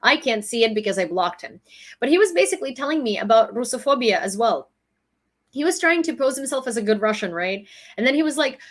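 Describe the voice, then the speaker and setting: A woman's voice: a little high, animated, fast talker. A woman reading news summaries and breaking into exasperated commentary, from Ukraine. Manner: reads headlines, then rants with exasperation. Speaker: news vlogger.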